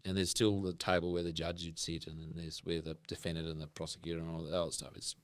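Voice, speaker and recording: An Australian man telling animated stories and sometimes swearing as a podcast guest. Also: sits low, fast talker, clear, resonant tone, dry recording. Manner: animated storyteller, casual swearing. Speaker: guest farmer. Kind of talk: casual podcast conversation.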